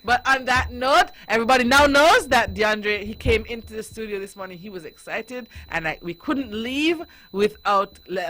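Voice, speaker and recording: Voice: mid-range voice, sharp tone, low-quality recording. A radio show host chatting casually on air with a young guest in the studio, laughing often and tripping over repeated words.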